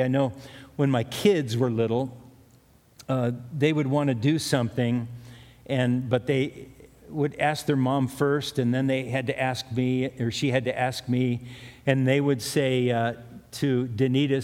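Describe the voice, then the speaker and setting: A man's voice: mid-range voice, a little mellow. A middle-aged man preaching a sermon as pastor, retelling scripture in a conversational storytelling way with personal asides. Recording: echoey hall with long reverb.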